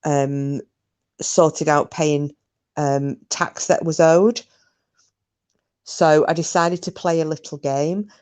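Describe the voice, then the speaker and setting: A woman's voice: low voice, steady tone, slow, long pauses, a little mellow, smooth. A British woman from the UK, chatting casually with viewers on her livestream, swearing and mocking scammers. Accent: British English. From United Kingdom. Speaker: livestream host. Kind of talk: casual live chat with viewers.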